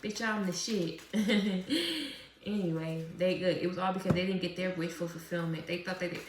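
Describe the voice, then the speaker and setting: A woman with a lowish voice chats her way through a casual tarot reading, blunt and salty, laughing often. Her voice rings a little in a roomy space. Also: moderate pace, background noise. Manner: chatty, profane, laughs often. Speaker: tarot reader. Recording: roomy echo.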